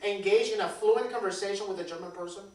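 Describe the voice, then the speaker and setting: This pastor, a Puerto Rican man in his 30s whose first language is Spanish, speaks high and quick while delivering a conversational sermon. Lively and fond of repeating words, he puts questions to the congregation. The church sanctuary sounds roomy and echoey, picked up by a distant mic.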